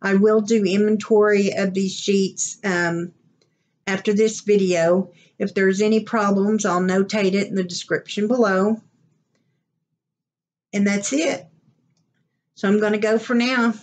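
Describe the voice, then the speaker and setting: A woman's voice: medium pitch, fairly even intonation, unhurried, long pauses, a little mellow. A woman from Oklahoma with an Oklahoma accent, chatting casually and rambling through an unboxing vlog. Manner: chatty, rambling, laughs often. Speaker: vlogger.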